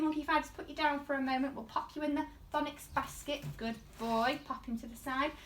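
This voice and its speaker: A bright-pitched woman with an English accent leads a phonics lesson for small children. Her voice swoops up and down in an exaggerated sing-song way, as teachers use with the very young. She sounds a little distant from the microphone. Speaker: primary school teacher.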